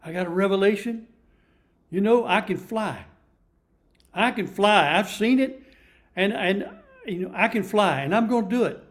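An older man voicing an excited young eagle raised among chickens, stammering with eagerness in a sermon story. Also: high voice, moderate pace, long pauses.

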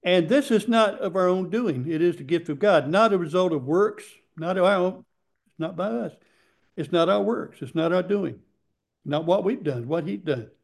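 A man preaching a sermon, getting excited and repeating scripture lines for emphasis. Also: high voice, moderate pace, creaky.

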